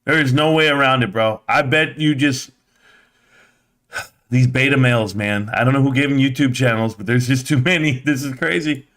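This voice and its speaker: A man's voice: medium pitch, moderate pace, fairly bright tone. A man hosting a live stream, giving blunt, mocking, profane reaction commentary.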